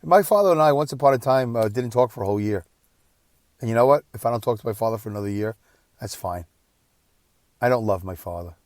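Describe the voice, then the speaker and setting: A tired, exhausted man hosting a podcast, telling a personal story in a rambling, emotional way that swings between quiet and loud. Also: mid-range voice, racing, no echo, studio quality. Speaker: podcast host.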